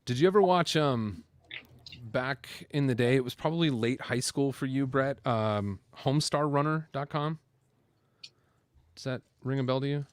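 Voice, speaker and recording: A man chatting while he builds on camera, rambling loosely and filling gaps with fillers. His voice sits in an ordinary middle pitch. He talks in an easygoing, unhurried way. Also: clear, resonant tone, no room sound. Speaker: host building LEGO on camera. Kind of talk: casual building chat.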